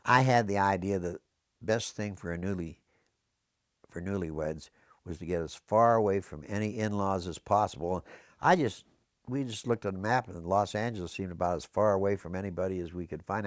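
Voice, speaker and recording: A man's voice: deep voice, fairly quick, no echo, clean studio sound. An older American man, a veteran, recalling his service in an oral history interview, wandering into historical tangents as he talks. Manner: rambling storyteller prone to historical tangents.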